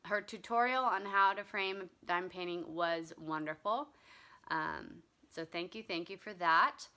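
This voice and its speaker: A woman chats casually in a slow, unhurried vlog. Her voice sits a little low but sounds bright and forward. She rambles with plenty of ums and restarts. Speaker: cross-stitch vlogger. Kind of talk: casual chat.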